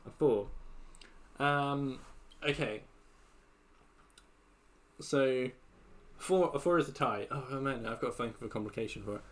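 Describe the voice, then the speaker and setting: A man's voice: mid-range voice, measured pace, pauses often. A man running a tabletop game on a live stream, talking in loose, rambling sentences with fillers. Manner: rambling with many fillers and restarts. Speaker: game master.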